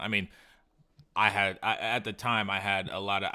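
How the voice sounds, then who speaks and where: A man's voice: fairly low pitch, little pitch movement, fairly quick, sharp tone, clear, resonant tone. A man telling a rambling, profane story in a casual podcast chat. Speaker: podcast co-host.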